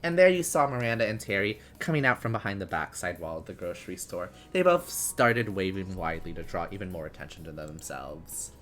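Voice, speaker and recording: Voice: sits low, big pitch swings, a little fast, hardly any pauses, a bit bright, soft background music. A host narrating an interactive story in second person, laughing now and then while reading.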